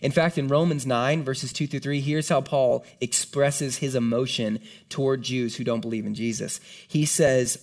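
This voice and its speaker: A man's voice: mid-range voice, fairly even intonation, normal speed, few pauses, a little mellow. A man preaching a sermon in a conversational, earnest way, acting out the voices of the people he quotes. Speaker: pastor.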